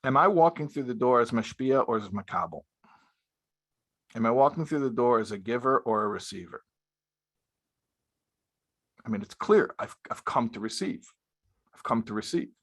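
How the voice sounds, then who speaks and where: A man's voice: medium pitch, expressive, normal speed, pauses often, a bit bright. A man, a rabbi, giving a sermon-style talk to young married men, emphatic and repeating his key phrases, with Hebrew and Yiddish terms mixed in. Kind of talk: spoken sermon-style lecture.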